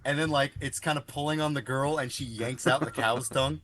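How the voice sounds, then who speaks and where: A man co-hosting a podcast wanders through a story in casual chat, using lots of fillers and swearing casually. His medium-pitched, somewhat bright voice moves fairly quickly with fairly even intonation.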